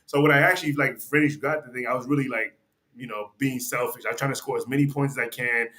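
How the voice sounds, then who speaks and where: A man's voice: mid-range voice, steady tone, quick pace, sharp tone. A man guest on a podcast, telling a long story in a casual, rambling way, restarting sentences and acting out what people said. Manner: rambling, restarts sentences, acts out quoted dialogue; conversational, with frequent "you know" and "like".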